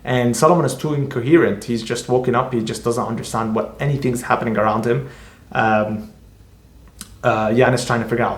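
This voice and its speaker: A man, an author, talks through his novel in a loose, rambling way and keeps stopping and restarting mid-sentence. His pitch sits in the middle range. The room has a clear echo. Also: steady tone. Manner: rambling, halting, many fillers and restarts. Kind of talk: casual book discussion. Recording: echoey room.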